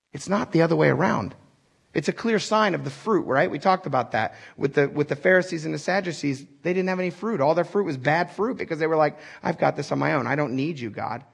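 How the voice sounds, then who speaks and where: Husky-voiced pastor preaching animatedly. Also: male voice, a little high, a little fast. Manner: animated, conversational, addresses the congregation directly. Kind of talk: sermon.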